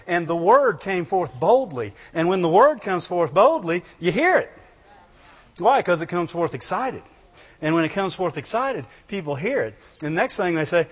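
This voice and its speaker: A man preaching a sermon, animated and full of rhetorical questions, breaking into "Glory to God" again and again. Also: high-pitched, slightly rough. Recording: dull lo-fi sound in a reverberant hall.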